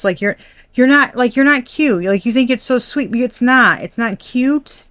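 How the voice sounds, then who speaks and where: A woman's voice: fairly high pitch, moderate pace, a bit bright, no echo. A young adult woman doing a casual tarot reading, chatty and blunt, swearing and laughing often. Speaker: tarot reader.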